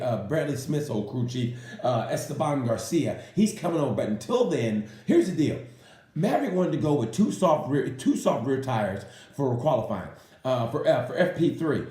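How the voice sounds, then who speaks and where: A man's voice: on the high side, a little mellow, reverberant. A man giving a rambling, joking review of a motorcycle race and acting out quotes in silly voices. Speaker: racing commentator. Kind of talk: casual comedic race review.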